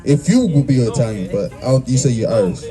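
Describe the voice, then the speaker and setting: A man preaching on the street, forceful and confrontational, with many fillers and repeated words. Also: mid-range voice, very animated, fast talker. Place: outdoors on a busy street. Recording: busy street crowd noise.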